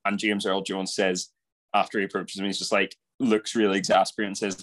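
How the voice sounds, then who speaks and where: A man with a fairly low voice chats casually on a podcast. He tells a story in a hesitant way. He restarts his sentences often. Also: flat delivery, brisk, a bit bright. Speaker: podcast co-host.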